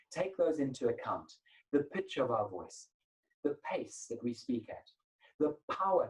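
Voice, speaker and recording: A man presenting an etiquette webinar over a video call, emphatic and energetic. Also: medium pitch, distant mic, poor audio. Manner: emphatic, energetic, acts out phone calls. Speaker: etiquette trainer.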